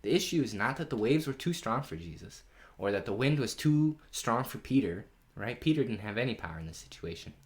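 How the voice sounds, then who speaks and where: A man leading a children's Bible lesson from home, telling the story in an animated way and asking the kids questions. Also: mid-range voice. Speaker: children's pastor. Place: home during lockdown.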